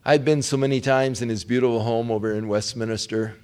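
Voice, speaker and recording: A man's voice: medium pitch, fairly even intonation, a little fast, smooth. Man preaching an emotional story. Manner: emotional, heartfelt storytelling with wide swings between hushed and raised. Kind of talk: storytelling sermon.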